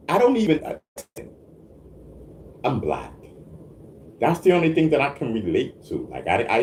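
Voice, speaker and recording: A man's voice: lowish voice, slight background noise. A man hosting a casual livestream, answering his chat with stammered restarts, frequent laughter and repeated check-ins with the viewers. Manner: stammering restarts, frequent laughs, keeps asking "you know what I mean".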